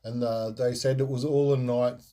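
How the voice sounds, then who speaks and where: Young aussie guy on his podcast, rambly and blunt, lots of ums, warm dark voice. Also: mid-range voice, level tone, normal speed. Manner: rambling, frank, lots of fillers and restarts. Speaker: podcast host. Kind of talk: casual storytelling monologue.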